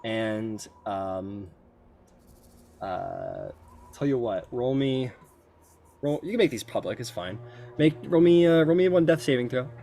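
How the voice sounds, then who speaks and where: A man's voice: mid-range voice, lively intonation, unhurried, pauses often, warm tone, slight background noise. A man narrating a tabletop game as game master, loose and full of fillers.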